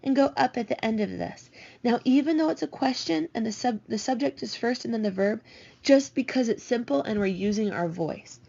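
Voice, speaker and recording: A woman teaching a recorded language lesson, patiently explaining and slowing down to spell out each example. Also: on the high side, creaky, mellow, breathy edge. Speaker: Spanish teacher. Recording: dull lo-fi recording.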